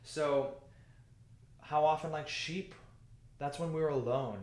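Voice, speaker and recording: A man teaching the alto part of a choir piece, explaining the markings patiently and speaking the lyrics slowly. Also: on the high side, darkish tone, roomy sound. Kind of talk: music lesson walkthrough.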